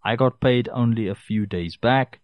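A man's voice: medium pitch, normal speed, dry recording, dull audio. A man giving consumer advice, talking directly to listeners and repeating key phrases for emphasis. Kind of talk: casual advice talk to listeners.

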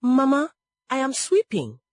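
A meek young daughter answers softly and quickly , put on by a woman storyteller. The voice is husky, with a lively rise and fall. It sounds close and dry. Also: deep voice, no echo, full character voice. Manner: timid, submissive.

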